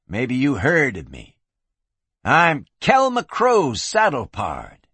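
A man's voice: mid-range voice, huge pitch swings, slow, fairly bright tone, breathy edge, no echo, full character voice. A man voicing a cocky, sarcastic young cowboy troublemaker who boasts.

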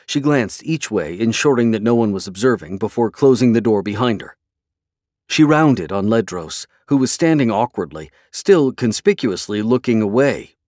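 Guy reading a fantasy book, lowish voice, dry close sound. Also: animated, moderate pace, a little mellow, no room sound. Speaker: narrator. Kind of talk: scripted fantasy audiobook narration.

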